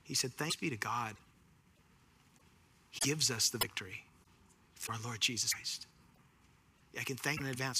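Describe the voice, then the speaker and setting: A man preaching a sermon, animated and earnest, acting out scenes and slowing down for scripture. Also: medium pitch, breathy edge.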